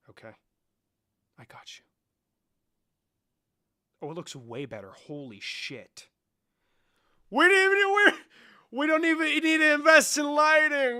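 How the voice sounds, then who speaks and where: A man's voice: fairly high pitch, vocal fry, sharp tone. A young man around twenty, casually chatting on a livestream in a joking, sarcastic way and swearing a lot. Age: young adult.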